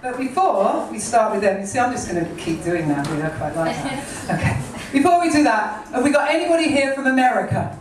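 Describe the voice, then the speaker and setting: Woman doing a high, camp drag king crooner in an echoey club. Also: animated, fairly quick, pauses often, far from the mic, a little hiss or hum, natural voice. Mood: teasing, playful. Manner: camp, teasing banter with the audience. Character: swaggering male crooner, a drag king stage persona. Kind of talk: live cabaret crowd work and singing. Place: club stage, live audience. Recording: echoey club, recorded from afar with loud music.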